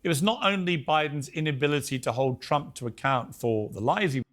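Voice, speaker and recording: A man's voice: fairly high pitch, a little fast, fairly bright tone. A man hosting a televised debate, firm and steering the talk. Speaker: talk show host.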